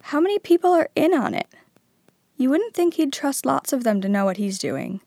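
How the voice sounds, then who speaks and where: A woman's voice: high-pitched, sing-song, normal speed, vocal fry, darkish tone, dry recording, studio quality, pitched above the performer's own voice, heavily acted. A woman voicing a clever, earnest teenage girl witch who explains carefully. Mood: puzzled.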